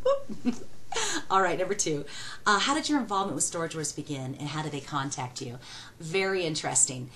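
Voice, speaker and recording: Low-pitched fast-talking folksy woman. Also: big pitch swings, a bit bright, slight background noise, rough recording. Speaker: auctioneer. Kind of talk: answering fan questions.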